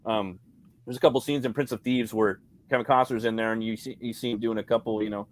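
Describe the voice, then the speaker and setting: A man's voice: mid-range voice, fairly even intonation, fast talker, no echo. A man co-hosting a casual movie chat, rambling and swearing a lot, with frequent "you know what I mean". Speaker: co-host. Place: convention livestream.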